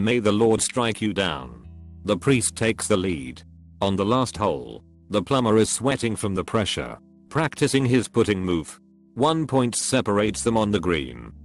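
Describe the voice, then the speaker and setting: A man narrating a compilation of jokes in a scripted read, going from one joke to the next in the same voice. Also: on the low side.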